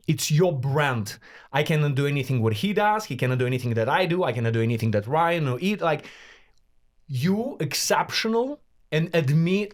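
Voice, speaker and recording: A man co-hosting a podcast in casual chat, talking bluntly and emphatically and swearing freely. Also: on the high side. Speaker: podcast co-host.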